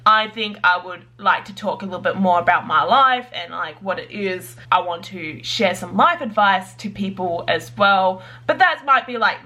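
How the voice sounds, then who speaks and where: Bright, bubbly woman chatting to camera. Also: medium pitch. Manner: chatty and bubbly, full of "like" fillers. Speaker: writer vlogger. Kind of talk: casual chat to camera.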